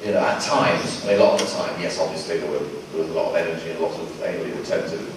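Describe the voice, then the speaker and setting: Low-voiced man in an echoey hall. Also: fairly even intonation, fast talker. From England. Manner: rambling, full of restarts, wry and self-mocking. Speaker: guest actor at a fan convention Q&A. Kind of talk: casual convention Q&A answers. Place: large convention hall. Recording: very echoey hall, distant and noisy.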